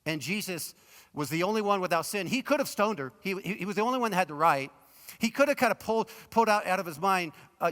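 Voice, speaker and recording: A man giving a sermon as a guest pastor, telling stories in a conversational way and swinging between emphatic points and hushed asides. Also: sits high, lively intonation, quick pace. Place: large church auditorium. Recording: long reverb of a church auditorium.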